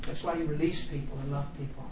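A middle-aged man preaching a sermon testimony, swinging from hushed confession to loud, laughing exclamations. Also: a little high, fairly even intonation, fast talker. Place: church hall. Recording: echoey, distant, dull sound with noise.

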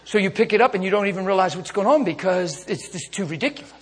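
A man preaching a sermon as a traveling minister, telling stories in an animated way, often laughing and breaking into shouts. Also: high-pitched, fast. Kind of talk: sermon storytelling. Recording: long reverb of a large hall.

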